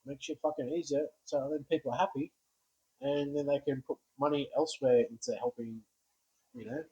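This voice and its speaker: A young man ranting to camera, swearing constantly, dropping to a mutter and then bursting out loud in exasperation. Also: fairly high pitch, normal speed, gravelly, highs cut off. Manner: profane, exasperated, repetitive ranting; swings between muttering and loud outbursts. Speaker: vlogger. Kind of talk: ranting monologue.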